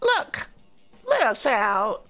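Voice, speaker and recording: Giggly Scottish woman with a lively high voice. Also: very slow, soft background music. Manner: playful, giggly, loud outbursts. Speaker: roleplay streamer. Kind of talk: improvised game roleplay.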